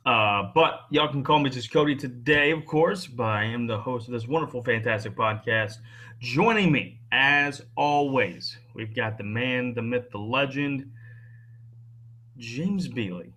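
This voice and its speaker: A man's voice: medium pitch, measured pace, bright, forceful tone. A man hosting a wrestling podcast in loose, playful casual chat, teasing his co-host and using slang.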